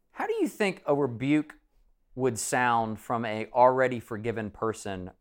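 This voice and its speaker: A man preaching a sermon in a conversational, self-deprecating way, reading scripture and acting out imagined conversations. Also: medium pitch. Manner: conversational, self-deprecating, acts out quoted voices. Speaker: pastor.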